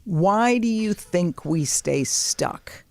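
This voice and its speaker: A woman's voice: fairly low pitch, lively intonation, drawn-out words, vocal fry, slight background noise. A middle-aged woman hosting a podcast, chatting casually in a brash, profane way and laughing often. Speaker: podcast host. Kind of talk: casual comedic chat.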